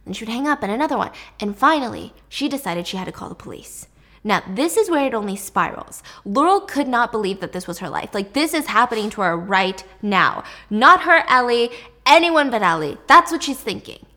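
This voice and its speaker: A woman narrates a true story in a loose, conversational way, swearing casually and turning to the listener now and then. Her voice is a little high and quite bright. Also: very animated, fairly quick.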